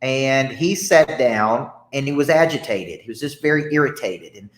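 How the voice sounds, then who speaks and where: A man's voice: mid-range voice, lively intonation, moderate pace, reverberant. A man, a business coach and guest, telling a story with emphatic energy, often repeating himself and checking in with "right?".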